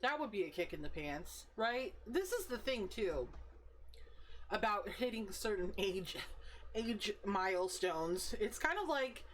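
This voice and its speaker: A talkative woman in her thirties streams live, rambling, cursing casually and laughing as she replies to chat. Her voice sits at an ordinary middle pitch. A faint hiss of background noise runs under it. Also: lively intonation, unhurried. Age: 30s. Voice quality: profane, rambling, laughs often.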